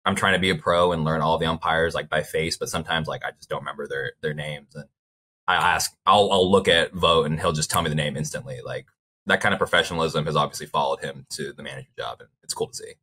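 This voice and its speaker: A young man with a low, bright voice chats as a guest on a sports talk show. He rambles through stories, leaning on "like" as he goes. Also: fairly even intonation, fast. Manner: rambling storyteller, frequent "like" fillers. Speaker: baseball player guest. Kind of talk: casual interview chat.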